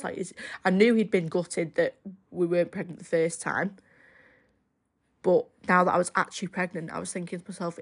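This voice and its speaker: A woman's voice: fairly low pitch, fairly even intonation, fairly quick. A young woman hosting a personal podcast, telling her story in a chatty, rambling way full of fillers. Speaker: podcast host.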